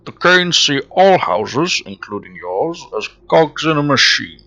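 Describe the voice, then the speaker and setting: Man doing solemn game advisor, slow and grave, raised pitch, bright tone. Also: big pitch swings, vocal fry, muffled recording, full character voice.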